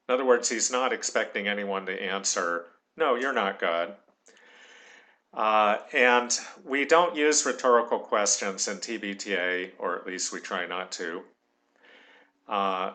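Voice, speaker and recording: A tutorial instructor thinks aloud as he works through a recorded lesson, dictating punctuation marks along the way. His voice is lowish, pushed, and bright.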